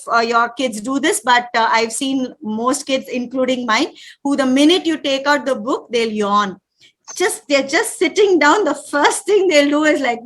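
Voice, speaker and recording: A woman in her thirties with an Indian English accent, leading a live parent workshop and calling out clapping games in quick drills. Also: on the high side. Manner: lively, calls out commands in rapid drills. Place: room with a live audience.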